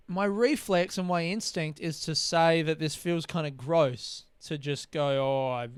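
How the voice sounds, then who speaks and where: A young comedian rambles through a candid, sweary solo podcast and drops into voices to make a point. His voice sits a bit high, smooth and clear, and the recording is close and dry. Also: unhurried, hardly any pauses, dry recording. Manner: rambling, candid, swears freely, mimics voices for comic effect. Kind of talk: casual solo podcast monologue.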